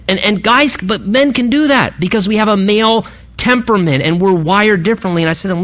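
A man preaches with a fairly high voice, talking to the congregation in a conversational, animated way and often restarting his sentences. The recording is muffled and lo-fi. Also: brisk. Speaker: pastor. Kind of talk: sermon.

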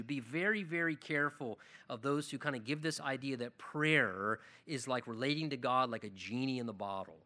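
A middle-aged pastor delivers a sermon with a very bright, ringing tone. He speaks earnestly and with conviction, his pitch sitting a little above most men's. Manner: earnest preaching, acts out dialogue with rising intensity.

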